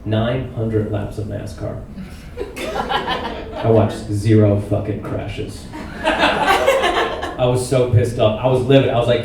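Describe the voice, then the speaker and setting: Young male stand-up comic, deadpan and self-mocking; roomy, distant hall sound. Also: on the low side, takes it slowly, gravelly, long pauses, noisy background. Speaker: stand-up comedian. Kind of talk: stand-up set. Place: theatre stage with live audience.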